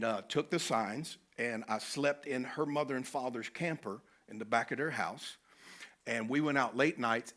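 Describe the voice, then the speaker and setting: A man's voice: medium pitch, a bit bright. A man, telling a personal story animatedly as a conference speaker. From North Carolina, US. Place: conference venue.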